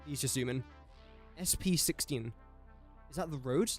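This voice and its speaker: A man's voice: medium pitch, moderate pace, darkish tone, soft background music. A young English man casually commentating his own live game stream, chatty and self-mocking, muttering guesses as he plays. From England. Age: young adult.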